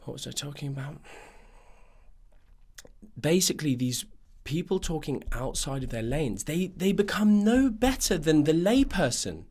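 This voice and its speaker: A man's voice: on the high side, very animated, a little slow, darkish tone. A man hosting a nutrition podcast, ranting in a casual monologue full of fillers and restarts.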